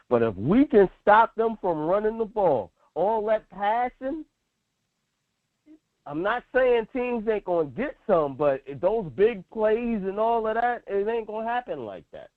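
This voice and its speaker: A man's voice: high-pitched, animated, normal speed, no room sound. A man co-hosting a sports show, arguing football in a casual, insistent way. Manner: insistent, talks over his co-host. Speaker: sports podcast co-host. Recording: tinny phone-like line.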